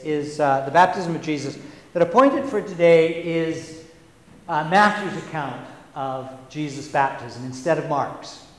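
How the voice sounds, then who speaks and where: A man preaching a sermon at an unhurried pace, with emphatic repetitions and casual asides to the listeners. His voice sits a little high for a man. The recording carries the long, roomy reverb of a church sanctuary. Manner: slow and deliberate, with emphatic repetitions; conversational asides to the congregation.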